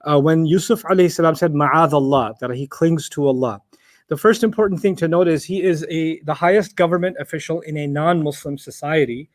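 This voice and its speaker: A man's voice: on the high side, a little fast. Man teaching a Quran lesson. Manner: explains Arabic words patiently and at length; recites Arabic verses in a chanting voice.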